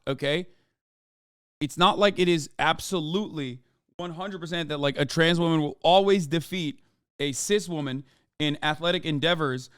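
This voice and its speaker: A man's voice: a little high, a bit bright, smooth, no room sound, clean studio sound. A man hosting a live stream, ranting heatedly and profanely about politics and mocking his critics. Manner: mocking and combative toward chat.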